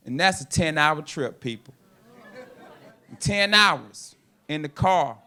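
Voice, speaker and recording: Male stand-up, high and bright, punchy delivery. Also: expressive, clear, resonant tone. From North Carolina, USA. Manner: loud, punchy storytelling with drawn-out pauses. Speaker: stand-up comedian. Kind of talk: stand-up comedy set.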